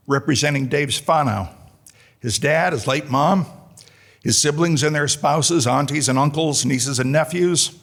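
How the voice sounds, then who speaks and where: A middle-aged American man from New Jersey, introducing a colleague at a formal lecture with dry, self-deprecating humor. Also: medium pitch. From United States, New Jersey. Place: lecture hall.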